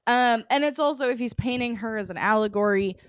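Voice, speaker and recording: A woman's voice: fairly high pitch, fairly quick, clean tone, no echo. A young woman co-hosting a casual podcast, explaining an artist's story with frequent ums. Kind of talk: casual chat.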